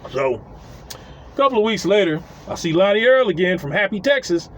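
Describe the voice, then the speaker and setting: A man's voice: high-pitched, sing-song, moderate pace, fairly bright tone, a little hiss or hum, rough recording. Chuckling, profane male storyteller. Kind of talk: casual storytelling.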